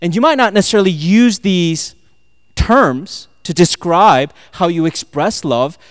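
A male pastor preaching a sermon, swinging between loud, emphatic passages and soft, hushed asides, quoting and acting out lines. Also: high-pitched, animated, a little slow, dry recording, clean studio sound. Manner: quotes and acts out lines, laughs at himself.

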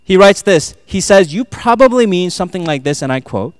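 A male pastor preaching a sermon, swinging between loud, emphatic passages and soft, hushed asides, quoting and acting out lines. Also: high-pitched, animated, fairly quick, no room sound, clean studio sound. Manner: quotes and acts out lines, laughs at himself.

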